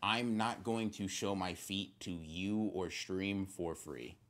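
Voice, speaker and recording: A young man co-hosting a podcast, in casual livestream chat, with mumbled, halting, deadpan banter. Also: low voice. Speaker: podcast co-host.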